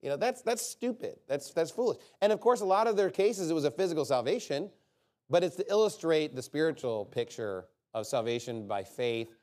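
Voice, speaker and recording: A man delivering a sermon in a slightly high-pitched voice. He preaches conversationally, peppering his points with "okay?" and "you know." His delivery swings between low, quiet asides and loud, forceful bursts. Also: fairly quick.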